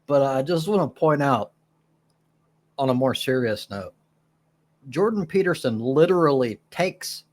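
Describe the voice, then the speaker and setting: Dude ranting at a video, mid voice, scoffing and laughing. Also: male voice, mid-range voice. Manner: scornful, laughing. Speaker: reaction video host. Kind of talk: casual profane commentary.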